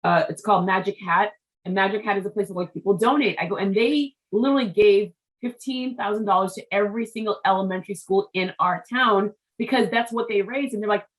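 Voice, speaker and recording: Speaking a little fast at medium pitch, a show host of Haitian family background runs a business interview show. She chats casually, sharing family stories full of asides and restarts. The recording quality is low.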